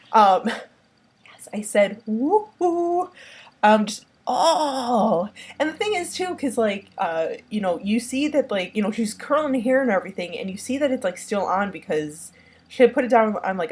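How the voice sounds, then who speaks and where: A woman reviewing a horror film in casual talk. She rambles and gushes, with constant fillers like "like" and "um". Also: mid-range voice. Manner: rambling, heavy use of "like" and "um"; enthusiastic, gushing.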